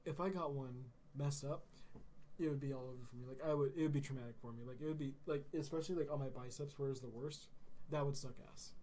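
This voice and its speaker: A man's voice: mid-range voice, fairly even intonation, fast, warm tone, slight background noise. A young man co-hosting a podcast, chatting casually and joking around with a laugh. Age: young adult. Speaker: podcast co-host.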